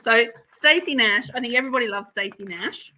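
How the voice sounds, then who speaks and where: A woman's voice: a little high, fairly quick, sharp tone, a little hiss or hum, poor audio. A woman, chatting casually as co-host and laughing easily. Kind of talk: casual chat.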